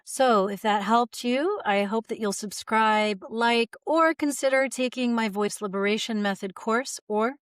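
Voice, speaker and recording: A woman voice coach calmly guiding listeners through relaxation exercises, modeling sighs and open "ah" sounds. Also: a little high, measured pace, few pauses, smooth, no room sound, studio quality. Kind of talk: guided vocal exercise instruction.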